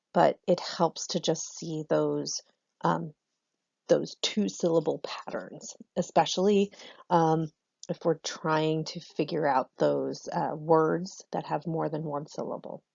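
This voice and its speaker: A woman's voice: sits low, vocal fry, dark tone, slightly rough, dry recording, dull audio. A woman teacher explaining a lesson patiently to students in a recorded online class, with frequent ums.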